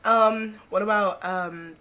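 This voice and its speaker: A woman's voice: mid-range voice, steady tone, takes it slowly, sharp tone. A young woman hosting a casual podcast chat, curious and upbeat, asking questions and laughing easily. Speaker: podcast host.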